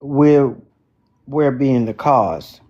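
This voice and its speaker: A man speaks on an online group call, reflecting on his ideas at a very slow, deliberate pace. He leaves pauses between his thoughts. His audio comes through dull and lo-fi. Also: medium pitch. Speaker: book club participant.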